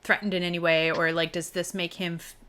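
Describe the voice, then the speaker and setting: A woman's voice: lowish voice, little pitch movement, fairly quick, sharp tone, clear, resonant tone. A woman playing a tabletop adventure, chatting casually and reading the story text aloud with feeling. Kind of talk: casual chat and read-aloud narration.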